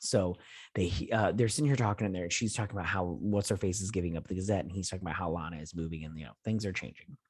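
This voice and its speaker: A man with a husky, low-pitched voice gives a loose, chatty recap of a TV episode. He rambles and paraphrases scenes with plenty of "like" and side comments. His voice is recorded dry and close. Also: fast talker, no room sound. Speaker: show host reviewing a TV episode. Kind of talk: casual episode recap and review.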